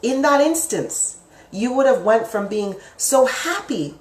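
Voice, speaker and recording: A woman giving a casual spoken lesson on the mind, chatty and lively, acting out inner voices with sudden leaps up in pitch. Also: a little slow, recorded from a distance. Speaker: psychic teacher. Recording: echoey room, speaker away from the mic.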